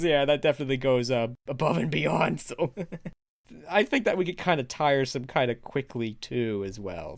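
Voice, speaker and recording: A man giving a casual, rambling spoken review, laughing often and jumping into excited high quoted voices. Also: no room sound, clean studio sound. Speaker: video reviewer.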